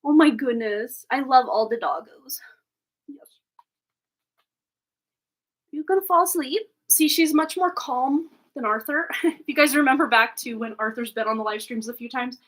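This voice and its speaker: Female livestream host with a high voice, casual and warm with her viewers, chatty and quick to laugh. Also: expressive. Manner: chatty and affectionate, with lots of little laughs. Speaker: tarot reader and livestream host.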